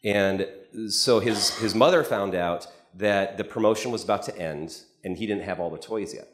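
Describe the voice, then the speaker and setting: A man's voice: on the low side, moderate pace, a little hiss or hum. A man giving a conference presentation, telling stories conversationally with frequent restarts and repeated words. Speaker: conference speaker. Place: conference hall. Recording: echoey hall.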